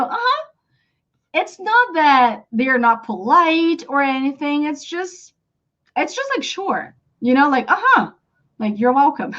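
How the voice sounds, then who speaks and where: High-voiced young Brazilian woman, native Portuguese speaker, chatty live English teacher, dull lo-fi audio. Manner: chatty, animated, many fillers. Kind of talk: live online English lesson.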